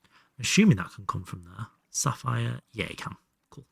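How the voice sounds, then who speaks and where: This young livestream gamer from Hull, England, has a Hull Yorkshire accent and a mid-range, expressive, husky voice with vocal fry at normal speed. He chats casually, swears and laughs aside while playing, in clean, dry studio sound.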